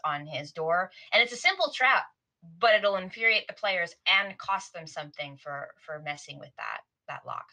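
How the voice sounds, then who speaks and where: A woman's voice: lowish voice, pushed and bright. A woman co-hosting a podcast for game masters, chatting casually with frequent restarts and laughs. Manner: rambling, many restarts and laughs. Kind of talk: casual chat.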